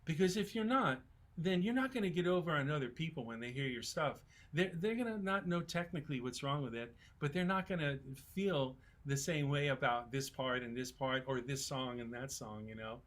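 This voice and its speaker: A man in his sixties, a songwriter on a festival panel, telling relaxed, folksy stories in casual talk. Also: a little high, normal speed.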